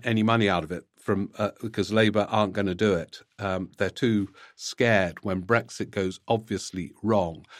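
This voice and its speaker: A man with a fairly low voice hosts a podcast, reading listener letters aloud and answering them with hesitant, filler-laden commentary. The sound is close and dry, with no room around it. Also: no room sound. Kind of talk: conversational political commentary.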